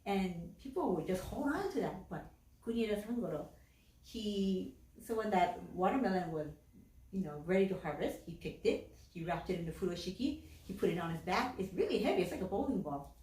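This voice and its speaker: A woman minister telling a story in a chatty, animated sermon in a church. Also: medium pitch, brisk. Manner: animated, chatty, with many fillers. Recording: echoey church from a distance.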